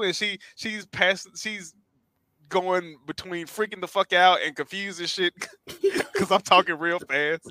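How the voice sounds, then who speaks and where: A man on a podcast telling a long story, playing every voice in it along the way. His voice is bright and a little high for a man, and it sits close and dry on the mic. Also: measured pace, dry recording. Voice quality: animated storyteller, acts out quoted voices. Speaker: podcast co-host. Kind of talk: casual storytelling chat.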